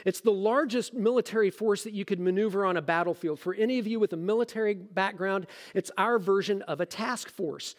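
A high-voiced pastor preaches a lively sermon and mixes casual jokes into his explanation of scripture. His voice carries a long reverb, like in a large hall. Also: fairly quick, hardly any pauses.

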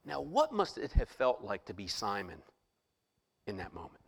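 A man preaching a sermon, reading scripture slowly and emphatically and pausing dramatically around rhetorical questions. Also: on the low side, wildly swooping pitch, creaky, husky.

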